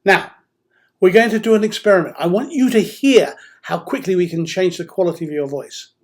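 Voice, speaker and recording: A man's voice: high voice, a little fast. A man teaching singing, talking in a direct, encouraging way as he coaches the listener through voice drills. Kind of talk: instructional seminar talk.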